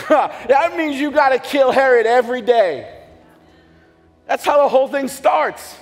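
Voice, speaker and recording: A pastor preaching a sermon in a church, telling stories with humor and sudden shouted lines. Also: male voice, very high-pitched, unhurried. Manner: animated storytelling with jokes and bursts of shouting. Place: church sanctuary. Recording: long hall reverb, faint music behind.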